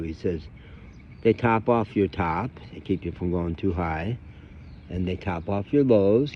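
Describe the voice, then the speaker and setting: A man hosting a course, talking candidly and reflectively in a rambling personal story to the camera. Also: lowish voice. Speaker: course host. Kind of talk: casual personal talk to camera. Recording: muffled lo-fi audio with faint noise.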